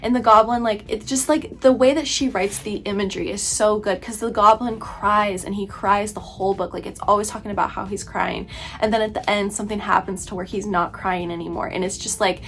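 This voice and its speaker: A woman's voice: mid-range voice, fairly even intonation, fairly quick, a little hiss or hum. A young woman in her twenties chatting casually about books she read, gushing and rambling with lots of "like". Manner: gushing, rambling, heavy use of "like". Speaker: book vlogger. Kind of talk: casual book review chat. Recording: faint background music.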